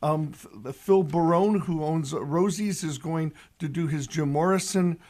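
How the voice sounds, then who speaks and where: High-voiced older pastor. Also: male voice, measured pace. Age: 60s. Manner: animated storyteller who shouts the punchlines. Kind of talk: radio reflection and joke telling.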